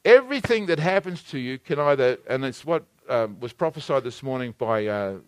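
A man preaching a sermon, swinging between loud exhortation and hushed, intimate asides. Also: medium pitch, lively intonation, normal speed, clear, resonant tone, dry recording.

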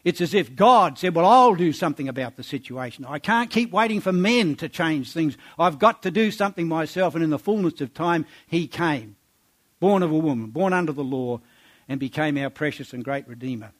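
High-voiced male preacher exhorting. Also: animated, brisk. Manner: exhorting, asks the congregation rhetorical questions. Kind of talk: sermon reading and expounding scripture.

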